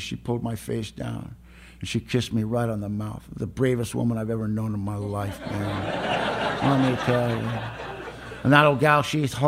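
A man giving a blunt, streetwise personal testimony at a recovery meeting, often laughing as he talks. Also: medium pitch.

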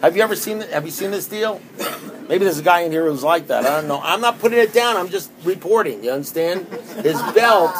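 Rambling man sharing his recovery story. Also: on the high side. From New York. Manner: rambling and conversational, with many restarts. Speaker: speaker at a recovery meeting. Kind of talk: personal testimony to a group.

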